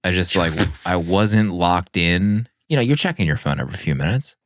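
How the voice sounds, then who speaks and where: A man's voice: sits low, lively intonation, moderate pace, no room sound, studio quality. A man hosting a podcast, talking casually about a film and wrapping up the episode. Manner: chatty, laughs often, wraps up the show. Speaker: podcast host.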